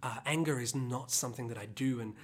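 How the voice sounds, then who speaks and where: Talking fast, a podcast-hosting singer-songwriter recounts how a song came about, rambling casually with many fillers and restarts. The voice shoots up in pitch while reliving anger.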